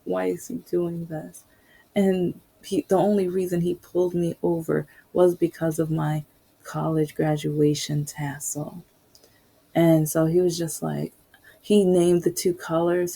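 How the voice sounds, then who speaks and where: Husky low-voiced woman telling a story. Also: little pitch movement, measured pace, dark tone. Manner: candid, rambling, with many asides. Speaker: podcaster. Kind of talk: casual personal storytelling.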